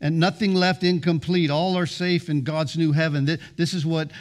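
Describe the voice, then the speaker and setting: A man's voice: a little high, steady tone, moderate pace. A man preaching a sermon, building emphatic rhythmic lists of short phrases and often restarting his words as he presses a point. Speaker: pastor.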